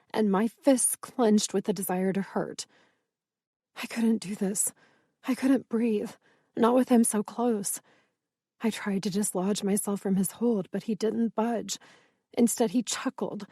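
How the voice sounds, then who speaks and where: A woman reading a romance audiobook in the first person, measured and intimate, on a close studio mic. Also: medium pitch, dark tone, no echo. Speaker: audiobook narrator.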